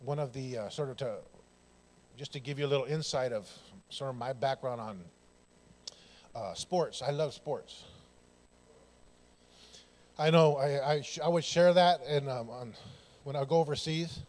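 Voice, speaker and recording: A man preaching a church sermon, telling personal stories in an animated way and acting out the dialogue. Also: medium pitch, normal speed. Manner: animated, loud bursts, laughing, acts out dialogue. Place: church sanctuary.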